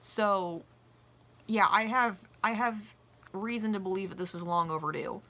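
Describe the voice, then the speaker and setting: A young adult woman vlogger casually telling work stories in an animated way, swearing freely. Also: medium pitch, unhurried. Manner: animated, acts out quoted voices, swears casually. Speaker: vlogger and restaurant worker. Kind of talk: casual storytelling.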